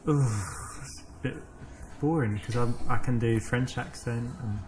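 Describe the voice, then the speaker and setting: A man's voice: mid-range voice, measured pace, darkish tone, a little hiss or hum, lightly acted. Man playing smug British charmer, English accent, boastful rambling, game video. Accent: English, softened London. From England. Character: cocky British man chatting up a woman. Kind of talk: full-motion video game acting.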